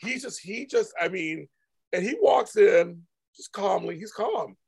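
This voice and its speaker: A man's voice: high voice, animated, unhurried, gravelly, slightly rough. A man hosting a casual chat show, talking animatedly and acting out characters' lines. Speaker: podcast host. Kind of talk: casual chat about a soap opera.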